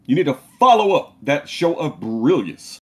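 A man's voice: a little high, very animated, moderate pace, a little mellow, husky. A man hosting a quiz game on a comedy podcast, crude, giggly and self-mocking. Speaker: host running a quiz game. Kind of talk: loose comedic podcast banter.

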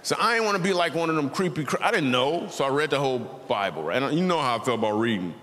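In a big, echoing church auditorium, a man in his thirties performs stand-up, telling a story and doing the characters' voices. His mid-range voice is expressive, quick and slightly bright, with faint ambience in the reverberant hall.

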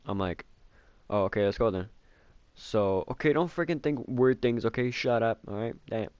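This young male vlogger's mid-range voice is a little mellow and clean, with no echo, and he speaks at normal speed. His casual childhood storytime rambles with lots of fillers and swearing, and he mocks himself throughout.

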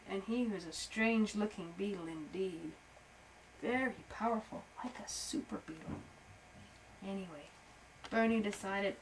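A woman improvising a story for a young child at home, animated, with playful sound effects and soft asides. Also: mid-range voice, a little slow, a little hiss or hum, poor audio.

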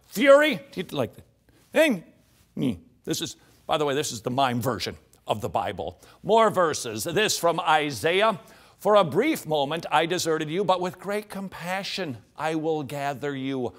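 Middle-aged guy teaching bible verses, super lively up-and-down voice, throws in jokes. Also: on the high side. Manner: animated, jokey asides, reads scripture aloud. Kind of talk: teaching on a studio show.

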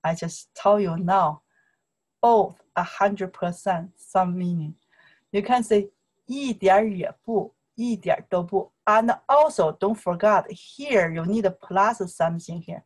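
A woman's voice: mid-range voice, breathy edge. A woman whose first language is Chinese, teaching a Chinese lesson in simple English and patiently repeating words and tones. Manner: patient, repetitive, drills tones and words slowly; simple, non-native English.

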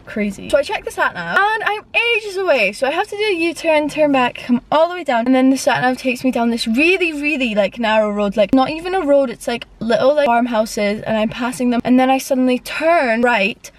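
A woman's voice: high-pitched, expressive, a little fast, hardly any pauses, no echo. A young woman telling a dramatic storytime vlog in a chatty way, full of "like" fillers. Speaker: vlogger.

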